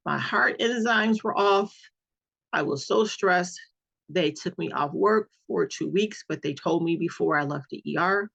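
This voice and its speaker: A woman's voice: on the low side, creaky, a bit bright, breathy edge. A woman sharing her own experience as a patient, telling it earnestly and with emphasis, often repeating key words. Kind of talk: personal storytelling. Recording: dull lo-fi recording.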